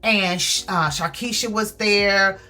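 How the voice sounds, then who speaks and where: Woman w/ reviewing a book, bright voice, lots of acted-out quotes. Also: mid-range voice, takes it slowly. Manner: chatty, animated retelling with acted quotes.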